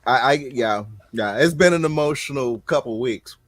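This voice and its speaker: A man hosting a casual chat, telling a story in an animated way and loudly acting out what people said. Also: mid-range voice, moderate pace, no echo. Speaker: show host.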